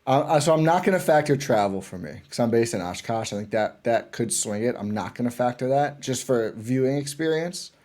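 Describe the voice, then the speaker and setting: A man guesting on a sports podcast, talking like an excited fan and often restarting his sentences. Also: mid-range voice, brisk, hardly any pauses. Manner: enthusiastic fan, rambling with restarts. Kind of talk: casual sports chat.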